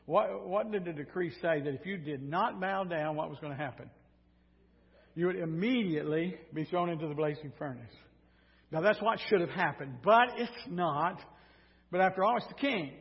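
A male pastor preaching a sermon, retelling a story in a lively way with sarcastic asides. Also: a little high, normal speed, creaky. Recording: dull sound in a reverberant hall.

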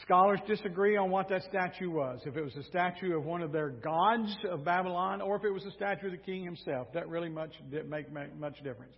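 A male preacher with a high voice retells a story from the pulpit in a lively way, adding sarcastic asides. The sound is dull and carries a long reverb from a large hall. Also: brisk, hardly any pauses. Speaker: pastor. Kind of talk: sermon.

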